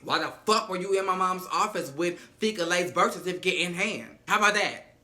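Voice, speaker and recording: A man's voice: high voice, a little fast, pushed and bright. A man voicing a hot-headed, protective teenage boy who talks bluntly and curses. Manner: blunt, cursing.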